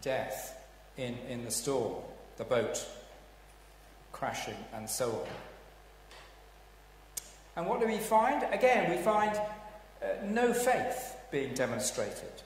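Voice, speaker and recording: A man preaching a sermon, swinging between hushed tones and loud dramatic exclamations. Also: mid-range voice, sing-song, slow, a little hiss or hum. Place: church. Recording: echoey hall, heard from a distance.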